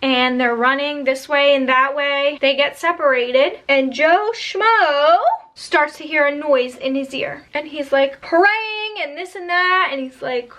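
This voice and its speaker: A woman narrating a spooky tale in casual storytime style, chatty and animated with slangy asides. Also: high voice, measured pace, lo-fi sound.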